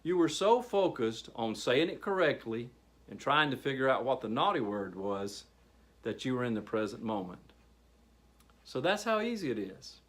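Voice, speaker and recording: A man in the middle of a training workshop, talking to a group about managing nerves. He sounds animated and engaged, with deliberate pauses. His voice sits at a typical middle pitch for a man. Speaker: training facilitator. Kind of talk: public speaking workshop presentation.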